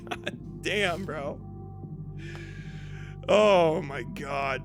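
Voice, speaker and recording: A man with a high voice rants on a livestream, swearing freely and breaking into laughter as he rambles. His talk is loose and unscripted, and a music track runs clearly behind him. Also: moderate pace. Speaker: livestream host. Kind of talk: casual livestream rant.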